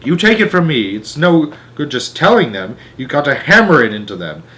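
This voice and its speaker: A man's voice: a little high, sing-song, moderate pace, bright, forceful tone. A man voicing a huge, bullying headmistress who bellows and sneers at a pupil, in a storybook reading. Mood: bellowing scorn. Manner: bellowing, scornful. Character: huge fierce female headmistress, bullying and domineering.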